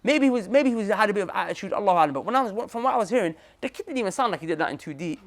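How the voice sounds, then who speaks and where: A young man preaching to a room of listeners in a quick, restless flow. His pitch leaps up and down as he repeats points and drops in street slang, turning to the audience again and again. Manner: animated, repetitive, slangy, addresses listeners directly. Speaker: Muslim preacher. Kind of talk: lively motivational talk to a group.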